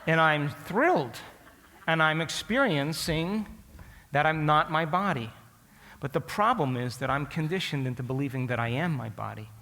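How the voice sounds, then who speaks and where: In a large hall, a man with a slightly high, sharp, expressive voice tells a story as a lesson at normal speed. He puts direct questions to his audience and acts out what he used to think.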